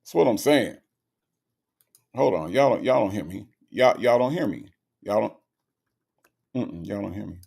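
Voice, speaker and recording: Brief: male streamer, casual comedic commentary, gravelly, repeats himself for emphasis. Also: lowish voice, normal speed, pauses often. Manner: animated, repetitive, laughing asides. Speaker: livestream host reading chat.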